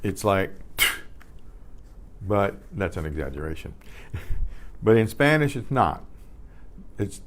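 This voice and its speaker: An older man leads a beginner language lesson at an unhurried pace. His voice sits somewhat low, and he repeats each practice word several times, clearing his throat often between them. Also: big pitch swings, slight background noise. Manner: slow, patient drilling with repeated words and frequent throat clearing. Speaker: Spanish teacher. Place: community class room.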